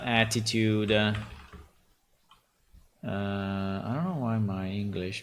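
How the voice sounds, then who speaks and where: A man's voice: lowish voice, a bit bright, slight background noise. A man, a game developer on a casual livestream, thinking aloud hesitantly with many fillers and tag questions. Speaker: game developer streaming his work.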